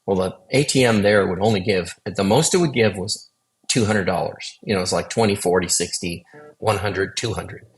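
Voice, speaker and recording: A man's voice: low-pitched, normal speed, poor audio. A man earnestly telling a personal faith story in a conversational way, acting out the dialogue he quotes. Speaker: guest sharing testimony. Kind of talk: storytelling testimony.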